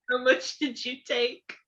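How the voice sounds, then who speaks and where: A woman running a tabletop game as game master, narrating in a relaxed, amused way with lots of fillers. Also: sits high, lo-fi sound.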